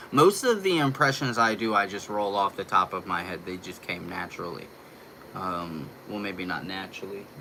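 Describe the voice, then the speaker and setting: A man's voice: on the low side, pushed and bright, a little hiss or hum, rough recording. A young man hosting a casual livestream, rambling loosely with fillers and the odd curse. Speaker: livestream host.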